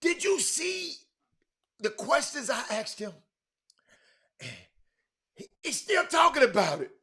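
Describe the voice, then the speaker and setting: A man hosting a sports talk stream with a Houston accent, loudly calling out viewers by name, repeating himself and talking over the chat. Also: extremely high pitch, very animated, slow pace. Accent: Southern US, Houston. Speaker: sports talk show host. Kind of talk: animated live-stream sports talk, reading viewer comments.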